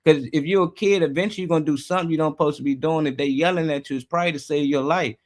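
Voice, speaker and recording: A man's voice: on the high side, fairly even intonation, very fast. A man co-hosting a casual talk show who gives blunt, profane opinions with emphasis and speaks as a parent. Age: adult with children. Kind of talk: casual chat.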